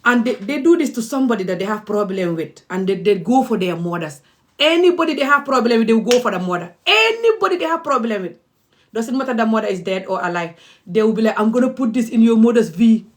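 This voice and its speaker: A woman's voice: on the high side, very animated, fast talker. A woman, speaking as an activist vlogger in an impassioned, emphatic and repetitive monologue.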